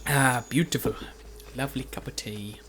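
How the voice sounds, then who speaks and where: A man's voice: mid-range voice, normal speed, a bit bright, slight background noise. Rambling man commenting on a game. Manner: chatty, rambling, self-mocking. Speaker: Let's Play commentator.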